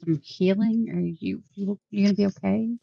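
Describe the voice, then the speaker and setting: A woman playing at a tabletop game, talking quickly with stumbles and frequent laughter. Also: medium pitch, steady tone, gravelly, dry recording. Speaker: player. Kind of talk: casual tabletop play. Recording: dull dry lo-fi mic.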